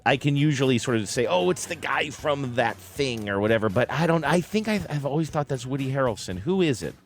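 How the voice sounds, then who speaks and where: A male radio co-host with an average-pitched voice, animated and playful, who laughs easily and second-guesses himself out loud. A faint music bed plays behind him. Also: a little fast. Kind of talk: casual chat.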